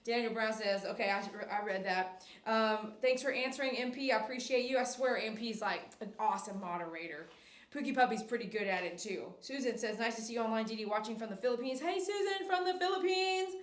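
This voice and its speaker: A woman with a high voice hosts a casual livestream from her grooming shop. She reads viewer comments aloud and chats with them, now and then breaking into excited cheers. The room around her is echoey. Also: fairly quick. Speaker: dog groomer and livestream host.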